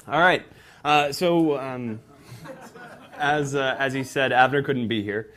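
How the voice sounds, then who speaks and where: A man's voice: mid-range voice, takes it slowly, long pauses, noisy background. A young man, giving a conference talk about his startup in a self-deprecating way, full of ums and restarts. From Texas. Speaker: startup presenter.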